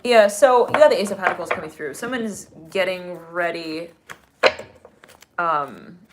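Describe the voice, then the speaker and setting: A woman giving a live-streamed tarot reading. She talks in a chatty, exclamatory way, laughs often and breaks into sudden excited bursts. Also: lowish voice, moderate pace, noisy background. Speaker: tarot reader.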